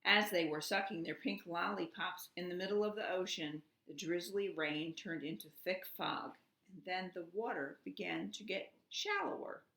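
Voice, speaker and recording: A preschool teacher reading a storybook aloud to children, slow and expressive. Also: female voice, lowish voice, creaky. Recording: echoey room.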